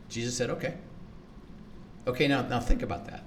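A man's voice: mid-range voice, flat delivery, fairly quick, long pauses, a bit bright, recorded from a distance, slight background noise. A man teaching the Bible in conversation, earnest, acting out quoted lines and often repeating words.

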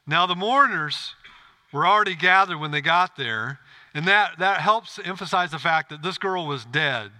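A man's voice: fairly high pitch, moderate pace, bright, forceful tone. A man pastor preaching a sermon in a church, earnest and direct, often asking the congregation questions.

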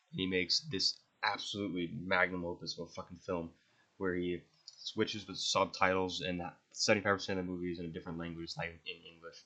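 A young podcast host swears freely as he rambles eagerly through a casual movie-ranking monologue about his favorites. His deep voice comes across as pushed and bright, and the sound is lo-fi.

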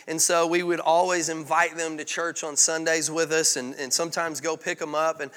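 A man's voice: a little high, little pitch movement, normal speed, fairly bright tone, clear, resonant tone, in a large hall. A male pastor preaching a sermon in a candid, conversational storytelling way.

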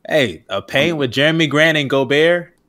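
A man co-hosting casual sports banter. He speaks with a slightly raised pitch and gives blunt, opinionated takes. He often moves the conversation on to the next topic. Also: normal speed, sharp tone. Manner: blunt, opinionated, steers the talk. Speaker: podcast co-host.

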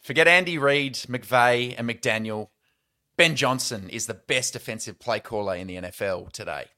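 A man's voice: medium pitch, normal speed, pushed and bright, clean tone. An Australian man hosting a sports podcast, casual, confident and joking. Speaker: podcast host.

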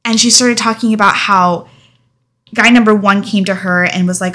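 A young woman tells a personal story straight to camera in a candid vlog. She speaks frankly and with feeling, and now and then she swears. Her voice is bright and has an edge of tension, at a middle pitch for a woman. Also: brisk. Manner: frank, emotional, casual swearing. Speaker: vlogger.

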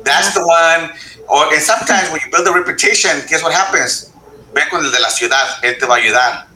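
A man on a discussion panel, talking in an animated way, switching between English and Spanish and asking "right?" again and again. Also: on the high side, fairly quick, reverberant, low-quality recording. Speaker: panel guest.

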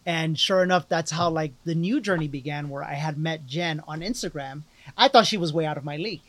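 A man with a slightly higher-than-usual voice tells a personal story as a podcast guest. He talks earnestly and emphatically, circling back with "like" and "you know" as he goes. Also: a little fast, a bit bright, no echo. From Latino background. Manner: earnest, emphatic, with many repeated fillers. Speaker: guest, life coach.

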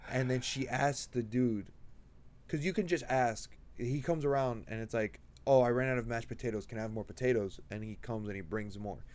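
A young man co-hosting a podcast, telling anecdotes with lively acted-out bits. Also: medium pitch, normal speed. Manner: animated storyteller, acts out people in anecdotes. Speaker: podcast co-host. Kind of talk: casual chat.

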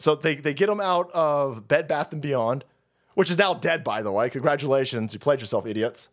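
Profane male streamer ranting, somewhat high voice with big swings in pitch. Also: animated, moderate pace. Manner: foul-mouthed, rambling, sarcastic. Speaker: host. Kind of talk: ranting political commentary stream.

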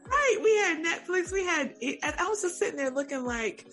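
A woman co-hosting a podcast, telling a funny story in an animated, laughing, chatty way. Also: very high voice, normal speed, faint music behind. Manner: animated, laughing, exclaiming, talks to listeners as "y'all". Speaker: podcast co-host. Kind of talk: casual chat, storytelling.

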